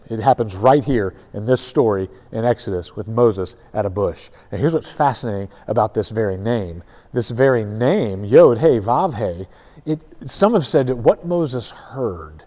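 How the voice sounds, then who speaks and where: A man's voice: mid-range voice, a little mellow, big-room sound. A man preaching a sermon, retelling a story in an earnest, reflective way with frequent restarts.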